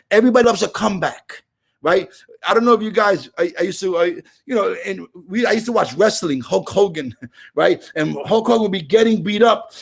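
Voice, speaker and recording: High-voiced animated New York man. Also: gravelly. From Brooklyn, New York. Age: middle-aged. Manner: animated, street-casual, bursts into shouts. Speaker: recovery meeting speaker. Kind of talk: sharing at a recovery meeting.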